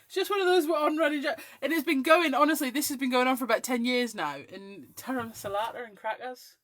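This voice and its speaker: A woman in her forties talks fast in a high, fairly bright voice while working on her crafting show. She is from the west coast of Scotland, and her English accent keeps a faint Scottish twang. Her casual chat rambles, with frequent ums.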